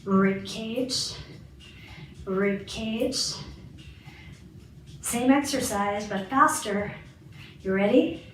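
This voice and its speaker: A woman's voice: mid-range voice, extremely slow, long pauses. Upbeat woman leading a balance class. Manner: encouraging, counts reps and cues moves. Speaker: fitness instructor. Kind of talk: guided balance exercise class. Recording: roomy, far from the mic, faint background hiss.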